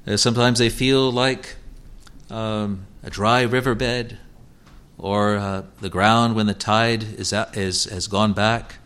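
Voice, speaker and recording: Halting, measured male preacher. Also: lowish voice, steady tone, a bit bright, clear, resonant tone. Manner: measured, halting delivery with frequent "uh" fillers; raises emphasis when quoting scripture. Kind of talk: sermon.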